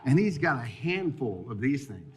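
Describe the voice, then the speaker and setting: A man's voice: medium pitch, sing-song, normal speed, very noisy. Man in his fifties, rambling storyteller. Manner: rambling, laughing as he tells stories, many restarts. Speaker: guest, former college football player. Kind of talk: casual storytelling in an interview.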